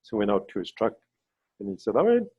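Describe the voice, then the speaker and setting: A man leading a ceremony, telling stories in a halting way with many fillers and restarts, over a video call. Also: little pitch movement, a little mellow, husky, no echo, lo-fi sound. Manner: halting, with many fillers and restarts, voices quoted people in a higher pitch. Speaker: ceremony leader and storyteller. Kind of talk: storytelling talk on a video call.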